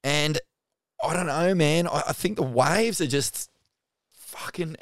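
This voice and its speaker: A man co-hosting a podcast in casual chat, excitable and swearing freely. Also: on the high side, slow, pauses often, no room sound, clean studio sound. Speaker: podcast co-host.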